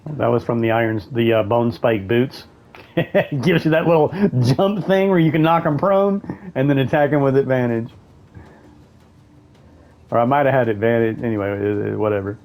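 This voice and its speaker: A man's voice: medium pitch, moderate pace, darkish tone. Rambling man narrating his gameplay. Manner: rambling, thinks aloud with fillers and self-corrections. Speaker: gameplay commentator. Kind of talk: casual let's-play commentary.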